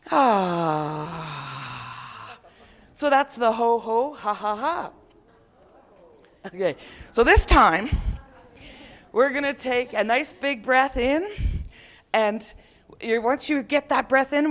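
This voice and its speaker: A playful woman guides a live group through laughter yoga, chanting and calling out to them and laughing freely along the way. Her voice sits a little high, and she takes her time between phrases. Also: animated, takes it slowly, pauses often. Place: conference session with a live audience.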